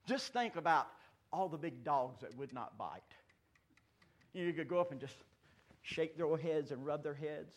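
A man in his fifties preaching a sermon in a church, folksy and joking, swinging between loud declarations and hushed asides. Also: on the high side, lively intonation, measured pace, long pauses. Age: 50s. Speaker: pastor. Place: church sanctuary.

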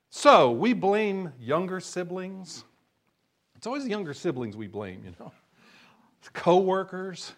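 A man's voice: high voice, big pitch swings, measured pace. A man preaching a sermon in a conversational style, often checking in with "right?". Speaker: pastor.

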